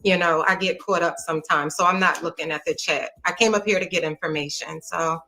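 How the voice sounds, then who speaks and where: A woman speaking as a guest on a livestream, measured and composed while she defends herself. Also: lowish voice, steady tone, pushed and bright, slight background noise, low-quality recording. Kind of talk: livestream conversation.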